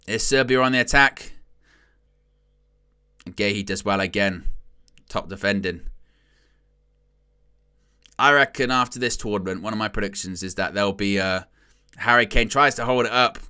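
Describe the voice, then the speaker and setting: Male watchalong commentator, bright edge, casual and wry, loud bursts at chances. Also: lowish voice, normal speed, pauses often, clean tone. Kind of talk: casual live match commentary.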